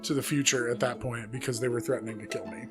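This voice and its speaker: A podcast co-host improvising an absurd comic story in casual chat, deadpan and chuckling at their own jokes. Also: mid-range voice, fast, music in the background.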